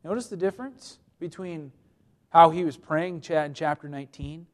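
A man with a high voice preaching a sermon. He reads scripture aloud and explains it with strong emphasis. He rises to loud, pleading passages, then drops to quiet, low-key asides. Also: normal speed, pauses often.

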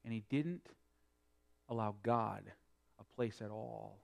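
A man preaching a sermon, swinging between quiet explanation and loud emphatic preaching. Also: on the low side, slow pace, creaky. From North Dakota. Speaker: pastor.

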